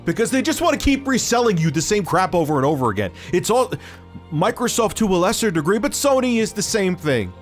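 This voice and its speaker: A sarcastic male tech host delivering an opinionated rant, mocking and scornful in tone. His voice sits a little higher than most men's, and soft music runs faintly beneath him. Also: very animated, a little fast. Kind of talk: opinionated commentary.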